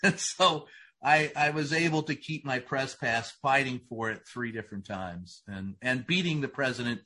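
Middle-aged guy with a bright voice telling a long story, lots of uh and um, keeps restarting. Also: mid-range voice. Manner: rambling, halting with many fillers and restarts. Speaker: White House correspondent. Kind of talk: casual storytelling.

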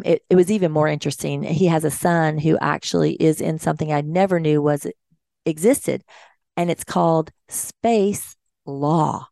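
Gravelly, dark-voiced woman storyteller. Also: low voice, dry recording, studio quality. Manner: earnest, animated retelling with quoted dialogue. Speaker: nurse and podcast host. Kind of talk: personal storytelling to listeners.

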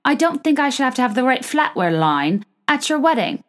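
A woman's voice: very animated, brisk. A woman voicing a fussy, indignant socialite woman with an affected hybrid accent, complaining in a raised voice. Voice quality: affected, high-pitched complaining.

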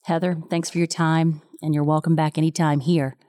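A woman's voice: low-pitched, little pitch movement, brisk. A woman hosting a podcast, thanking a guest and chatting in an affirming way. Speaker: podcast host. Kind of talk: casual chat.

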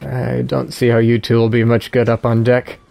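A man voicing a brawny, gruff male ship bosun who gives blunt orders. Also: medium pitch, flat delivery, normal speed, a little mellow, lightly acted. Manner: blunt, commanding.

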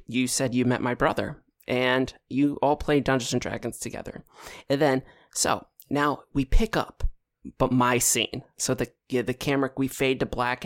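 Guy hosting a podcast, laid-back chat, laughs a lot, middle pitch. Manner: playful, chatty, laughs often. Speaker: podcast host and game master. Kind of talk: casual chat.

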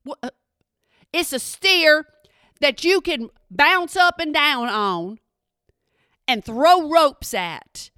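Animated Texan woman telling a story. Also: high voice, clean tone, dry recording, studio quality. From Texas. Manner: chatty, emphatic, keeps asking if you hear her. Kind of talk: storytelling monologue.

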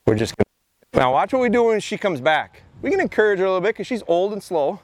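A man's voice: sits high, very animated, fast talker, dry recording. A man in his thirties teaching a dog training class outdoors on a mowed field, coaching handlers and often repeating his words as he gives instructions.

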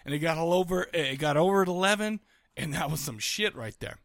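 A man's voice: on the high side, fairly quick, dry recording, studio quality. A man co-hosting a podcast, recapping a movie in a loose, jokey chat and often slipping into silly voices for the characters. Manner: animated, jokey, acts out characters in quotes. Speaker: podcast co-host.

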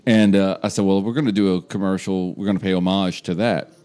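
A man's voice: low voice, steady tone, fast talker, warm tone, clear, resonant tone. A man hosting a casual comedy podcast, telling stories in a rambling way with speech. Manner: rambling storyteller with fillers and restarts. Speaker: podcast host.

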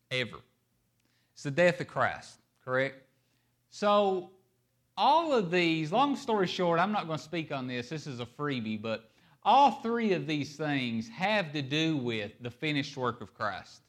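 A man preaching a sermon, stressing key words and shifting his pace and loudness for emphasis. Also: a little high. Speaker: pastor.

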